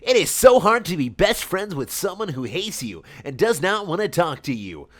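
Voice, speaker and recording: A man's voice: high-pitched, very animated, moderate pace, pitched above the performer's own voice. Man doing a whiny teenage hedgehog. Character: whiny teenage male hedgehog, sorry for himself.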